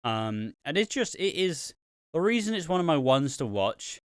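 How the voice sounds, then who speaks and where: A man's voice: on the high side, very animated, normal speed, smooth, dry recording, clean studio sound. A man hosting a podcast, chatting casually about a soap opera with lots of "um"s and "like"s and some casual swearing. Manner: rambling, many "um"s and "like"s, casual swearing. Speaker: podcast host. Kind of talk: casual soap review chat.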